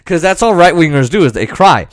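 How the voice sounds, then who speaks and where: A man's voice: on the high side, sing-song, brisk. A man hosting a political commentary podcast, ranting and swearing as he mocks the people he talks about. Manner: ranting, profane, mocking. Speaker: podcast host.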